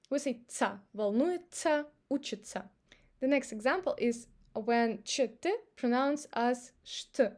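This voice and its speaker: A woman's voice: high-pitched, darkish tone. A woman with a Russian accent, a native speaker of Russian, patiently explaining pronunciation rules step by step in a language lesson.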